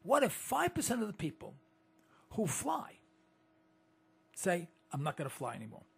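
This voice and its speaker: Gravelly indignant man ranting, animated pitch. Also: normal speed. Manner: indignant, rambling, with many restarts. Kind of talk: monologue to listeners.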